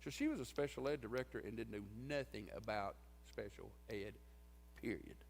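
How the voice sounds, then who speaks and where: A man's voice: lowish voice, normal speed, gravelly. A man giving a eulogy at his wife's funeral, telling folksy stories and acting out what people said. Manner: folksy, tells stories and acts out quoted lines. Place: church sanctuary. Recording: long church reverb.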